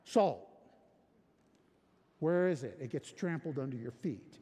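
A man preaching a sermon as pastor, asking questions and swinging between emphatic rises and quiet drops. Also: medium pitch, expressive, slow pace, husky, long reverb tail.

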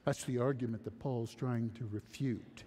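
A man's voice: mid-range voice, normal speed, breathy edge. A man preaching an expository sermon, acting out objectors' lines in quotes. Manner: animated, acts out objectors in quotes. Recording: long hall reverb.

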